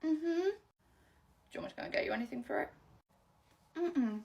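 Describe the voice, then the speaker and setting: A woman voicing a gentle, caring young boyfriend who talks softly and low-key in a comedy sketch. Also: animated, fairly quick, far from the mic, lo-fi sound. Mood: concerned.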